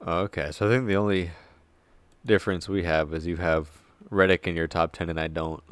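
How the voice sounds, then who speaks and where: A young man with a very low voice co-hosts a laid-back chat about racing, sounding tired and short on sleep. He talks loosely, swears freely and reads off standings. The sound is dry and close. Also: normal speed, clear, resonant tone, no echo. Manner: relaxed, swearing, yawning and tired. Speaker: podcast co-host. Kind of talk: casual chat.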